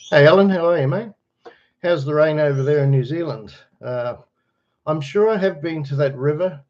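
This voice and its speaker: A man's voice: on the high side, moderate pace, a little mellow. Chatty Australian man on a webcam livestream. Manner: rambling, chatty, chuckling, greets viewers by name. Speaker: livestream host. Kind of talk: casual livestream chat answering viewers. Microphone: webcam microphone. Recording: slightly dull webcam audio.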